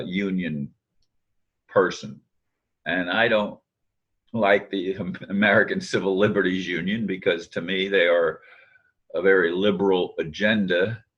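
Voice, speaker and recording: An older man speaks slowly in a low, husky voice, thinking out loud in a daily video monologue. He quotes friends and often stops to correct himself. The home recording sounds dull and lo-fi. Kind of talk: reflective spoken monologue.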